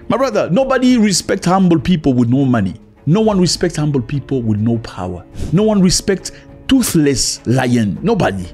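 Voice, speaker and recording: Husky, animated man lecturing fervently. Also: on the high side. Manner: preachy, emphatic, addresses listener as "my brother". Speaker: commentator. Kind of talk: animated commentary to camera.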